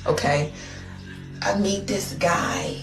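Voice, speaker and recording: A woman's voice: lowish voice, takes it slowly, roomy sound, music in the background. An American woman telling a story in a casual, slangy, dramatic way. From United States. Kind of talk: casual storytelling on social media.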